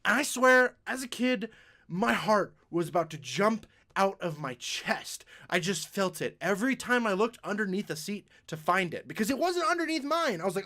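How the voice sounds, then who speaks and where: A man's voice: sits high, very animated, moderate pace, bright, forceful tone. A young man telling a childhood story as a vlogger, laughing often. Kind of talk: storytime vlog.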